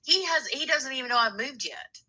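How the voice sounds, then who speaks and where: A woman calling into a radio show, chatting in an excitable, dramatic way with rising exclamations. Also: high voice, a little fast, breathy edge, low-quality recording. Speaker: caller. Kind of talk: phone-in chat.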